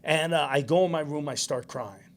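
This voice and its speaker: A man from New York hosting a podcast, telling a story in a casual, animated way. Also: on the high side, moderate pace. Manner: animated storyteller, acts out quotes. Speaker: podcast host.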